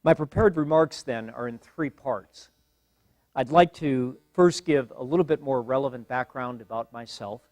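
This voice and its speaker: An older man addresses a university class as guest speaker. He talks in a measured, dryly humorous way, stopping often to gather his words. The sound is close and dry, with little room echo. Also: medium pitch, a little mellow. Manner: measured, wry, frequent pauses and fillers. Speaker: guest lecturer. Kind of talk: university lecture. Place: lecture hall.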